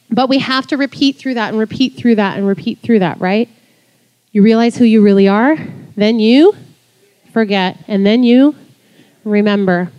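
A woman in her forties, a worship leader, telling a lively story in a sermon, her voice jumping high when excited. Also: highs cut off. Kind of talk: sermon testimony.

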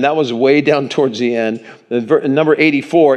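A male pastor preaching a sermon in a church, animated and chuckling, calling for amens from the congregation. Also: medium pitch, brisk. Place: church sanctuary. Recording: long reverb in a church hall.

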